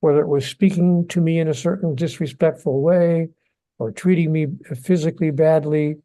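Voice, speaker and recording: An older man, a guest author, talking in an interview in a gentle, soft-spoken, unhurried way. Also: on the high side, steady tone. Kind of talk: interview conversation.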